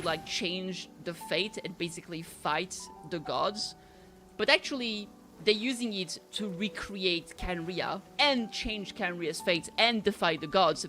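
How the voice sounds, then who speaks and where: A woman from France, with a slight French accent, chats casually with her stream viewers, rambling and packing her talk with fillers and restarts. Her voice sits lowish and comes across pushed and bright.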